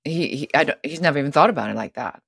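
A middle-aged woman guest on a podcast, telling stories in a lively way and acting out the voices of people she quotes. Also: low-pitched, rapid-fire, vocal fry, breathy edge, dry recording, clean studio sound. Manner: animated, acts out quoted voices. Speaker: guest author. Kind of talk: storytelling interview talk.

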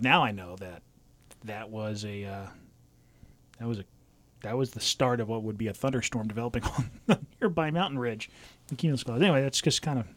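A relaxed man on a casual podcast, unwinding a long weather story at an easy pace. He chuckles through his tale and lets his medium-pitched voice wander comfortably. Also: dry recording. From Southern California. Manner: laid-back storyteller, chuckles often. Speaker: podcast co-host, meteorologist.

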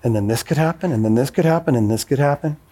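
A man's voice: medium pitch, quick pace, mellow. A man in his forties preaching a sermon in a casual, conversational way, acting out the voices he quotes. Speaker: pastor.

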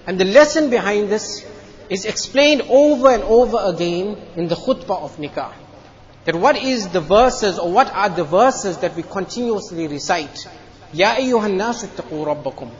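A man delivers a Friday sermon in a mosque with an earnest, repetitive manner. His voice sits high. The recording is dull and lo-fi. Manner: earnest, repeats phrases, tells a joke story. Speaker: mufti giving Friday lecture.

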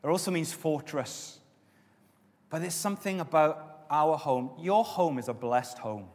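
A man preaching a sermon as pastor, with stretches of loud, emphatic exhortation and softer prayer. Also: on the high side, unhurried. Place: church auditorium. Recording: long reverb of a church hall.

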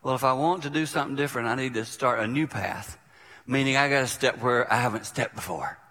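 A man's voice: mid-range voice, brisk, pushed and bright. A middle-aged man preaching a conversational sermon as a pastor, telling stories and acting out the quotes. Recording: live hall reverb.

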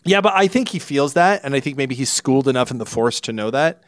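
A man's voice: medium pitch, animated, fast, no echo, clean studio sound. A man hosting a casual film review podcast, rambling with many restarts. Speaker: podcast host.

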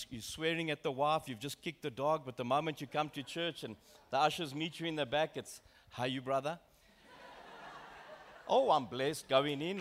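An older man from Australia preaching in a church, his voice sitting slightly high. He mixes light jokes with slow, ringing declarations, leaning hard on key words. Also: a little hiss or hum. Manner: warm, jokey preaching that swells to loud emphatic slow lines. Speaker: guest preacher. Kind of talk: church sermon. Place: church hall.

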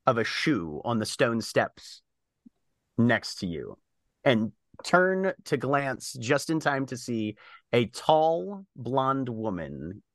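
A man running a tabletop game as game master, narrating scenes in a relaxed, lively way. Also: medium pitch, slow pace, no echo. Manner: lively, relaxed, laughs easily.

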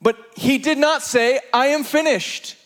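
A man preaching an energetic sermon to a congregation, animated and playful, with laughing asides. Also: extremely high pitch, a little slow.

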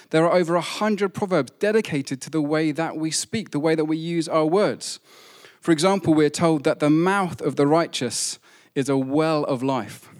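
A man's voice: on the high side, darkish tone. A man, preaching a sermon in a conversational, self-deprecating way.

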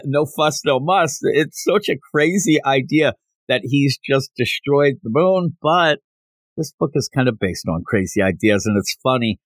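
A man's voice: mid-range voice, dry recording. A man hosting a podcast in a casual solo recap, chatty and digressive, laughing as he goes and acting out quotes. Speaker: podcast host.

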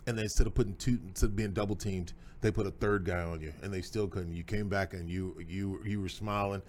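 A man's voice: low voice, fairly even intonation, a little fast, a little hiss or hum. A middle-aged man, hosting a podcast and telling folksy, emphatic stories as a proud father. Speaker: host. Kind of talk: podcast conversation with his son.

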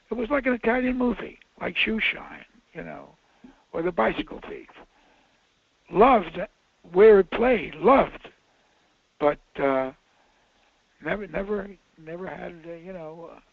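A man's voice: on the high side, creaky, dry recording. An older man, a film director, telling rambling, self-interrupting anecdotes in a casual interview. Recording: muffled dull interview audio.

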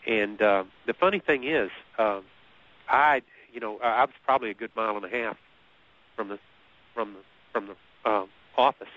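A man telling a personal story in an easy conversational way. He is animated, often repeats words and laughs at his own story. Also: lowish voice, moderate pace, long pauses. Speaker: guest. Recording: muffled lo-fi radio recording.

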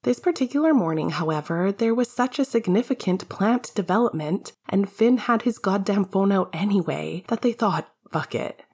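A woman's voice: medium pitch, lively intonation, moderate pace, hardly any pauses, darkish tone, breathy edge. A woman narrating a fan fiction story in a wry, casual way, swearing freely. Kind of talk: fan fiction audiobook reading.

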